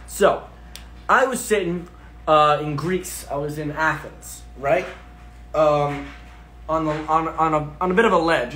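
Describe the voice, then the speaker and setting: A man hosting a livestream, chatting casually, playing songs and telling animated, self-deprecating stories. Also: a little high, roomy sound, slight background noise. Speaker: livestream host.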